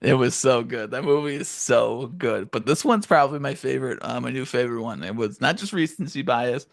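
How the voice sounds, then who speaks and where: A man co-hosting a podcast in casual chat, animated and profane, acting out scenes in silly voices. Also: mid-range voice, fairly quick, creaky, no echo. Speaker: podcast co-host.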